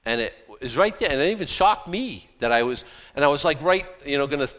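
Man, middle-aged, preacher, conversational sermon, sarcastic asides, lively swings in pitch. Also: fast. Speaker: pastor.

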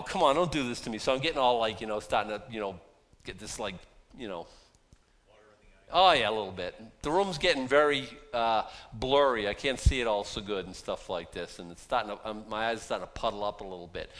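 Pastor preaching casually in a reverberant hall. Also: male voice, mid-range voice. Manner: chatty, self-deprecating, swings from hushed to loud. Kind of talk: casual sermon.

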